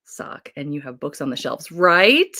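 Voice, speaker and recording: Woman, 30s, home livestream host; chatty, giggly, pitch all over the place. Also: sing-song, bright, forceful tone. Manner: bubbly, chatty, quick to laugh. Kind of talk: casual livestream chat.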